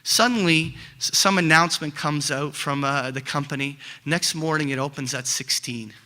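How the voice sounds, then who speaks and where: A middle-aged man teaching options trading, telling animated stories with many fillers and restarts. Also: on the high side, moderate pace. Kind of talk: lecture with acted examples.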